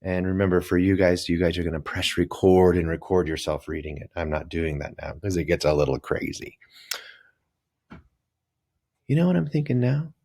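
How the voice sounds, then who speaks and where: A man teaching a recorded reading lesson for children, talking straight to the kids in a lively, coaxing way. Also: low voice, brisk, few pauses.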